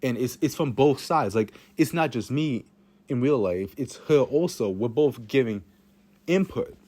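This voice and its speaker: A teenage boy rambles through a story about his own life, swearing freely and mocking himself as he goes. His pitch swings widely up and down, and his voice has a husky edge. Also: animated, measured pace, dark tone, no room sound. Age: teens. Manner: rambling, self-mocking, swears a lot, many restarts. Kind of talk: casual storytime monologue.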